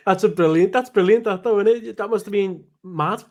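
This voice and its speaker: A man hosts a casual podcast interview. He sounds relaxed and swears freely, and his voice is slightly higher than most men's. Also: brisk. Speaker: podcast host.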